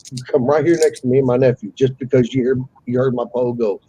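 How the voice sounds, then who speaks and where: A man's voice: medium pitch, steady tone, quick pace, warm tone, muffled recording, slight background noise. A man telling a fishing story on a live call, casually and with animation, swearing freely and acting out the voices of the people he quotes.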